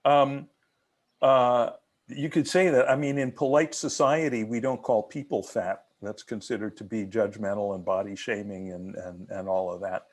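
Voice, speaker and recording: A man's voice: on the low side, steady tone, normal speed. A man leading an online haiku workshop, asking questions and teaching in a talkative way with many restarts.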